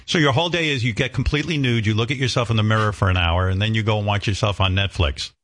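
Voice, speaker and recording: Low-voiced teasing male host. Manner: teasing, deadpan jokes, slow deliberate phrasing. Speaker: talk show host. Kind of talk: comedic interview.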